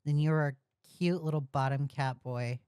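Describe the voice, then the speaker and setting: A woman reacting to a video as a commentary streamer, profane and mocking, with excitable outbursts. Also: low-pitched, moderate pace, clear, resonant tone, no echo.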